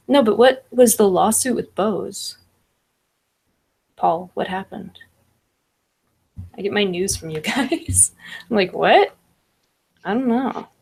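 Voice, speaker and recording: A woman's voice: mid-range voice, animated, takes it slowly, vocal fry, pauses often, a little mellow, breathy edge. A woman hosting a livestream, reading chat comments aloud and chatting casually with lots of laughs. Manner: laughs often, fillers like "like" and "I don't know".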